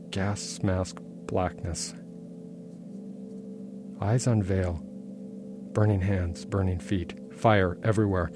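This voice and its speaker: Deep-voiced male author reading his dark novel aloud, measured and intense, music underneath. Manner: measured, dark and intense first-person narration. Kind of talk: literary reading.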